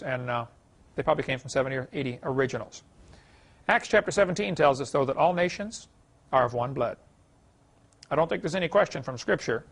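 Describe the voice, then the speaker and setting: A man's voice: medium pitch, creaky. A middle-aged man giving a seminar lecture, folksy and chuckling at his own stories. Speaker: creation seminar speaker. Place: lecture hall.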